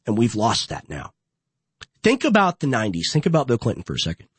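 His voice sits in the mid-range but swoops wildly in pitch, husky and fast, captured in a dry recording. He's a young political podcast host ranting with passion in the studio, piling on repeated rhetorical build-ups.

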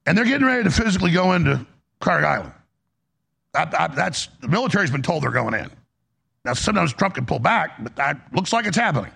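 A man's voice: a little high, very animated, quick pace, creaky, fairly bright tone, slightly rough. A man hosting a political commentary show, heated and emphatic, often restarting his sentences.

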